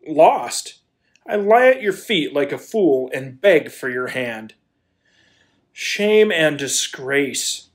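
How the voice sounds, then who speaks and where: An actor in a community audio play playing a hot-tempered landowner who stammers and then bursts into pleading declarations of love. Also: male voice, on the high side. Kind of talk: amateur radio play acting.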